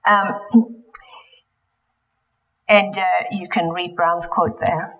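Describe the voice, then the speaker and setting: A woman's voice: fairly low pitch, fairly even intonation, drawn-out words, a bit bright, poor audio. Hesitant woman giving a church lecture. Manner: hesitant, many ums and self-corrections. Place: church hall.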